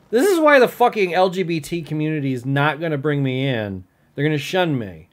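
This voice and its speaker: A man's voice: fairly high pitch, animated, moderate pace. A stoned man vlogging live, reacting to a video in an irritated, rambling, profane rant.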